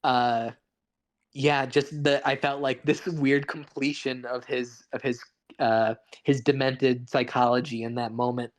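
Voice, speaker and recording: Chatting casually about movies, a male podcast co-host rambles, restarts often, and laughs along. His mid-range voice stays level and moves a little slowly.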